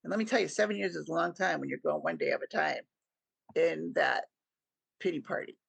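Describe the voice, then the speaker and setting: Gravelly middle-aged woman telling her story. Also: low voice, a little fast, no room sound. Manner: earnest storytelling, acts out quoted dialogue. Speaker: podcast guest. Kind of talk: personal story in an interview.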